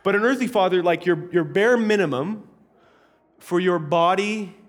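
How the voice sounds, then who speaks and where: Animated man preaching. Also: sits high, moderate pace. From Canada. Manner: humorous, animated storytelling with asides. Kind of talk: storytelling sermon.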